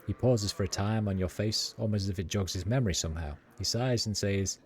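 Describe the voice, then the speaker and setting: A man's voice: lowish voice, fairly quick, a little hiss or hum. A man streaming a game, reading its dialogue and narration aloud in his own casual voice, with ums and uhs. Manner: reads every part in his own plain voice, with fillers. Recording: music playing behind.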